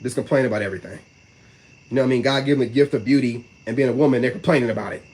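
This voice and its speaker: Fast-talking man rambling to his viewers. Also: mid-range voice, a little mellow. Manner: rambling, repeats "you know what I'm saying"; fast, loose slang-heavy speech. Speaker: vlogger talking to live chat. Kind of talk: casual live-stream talk.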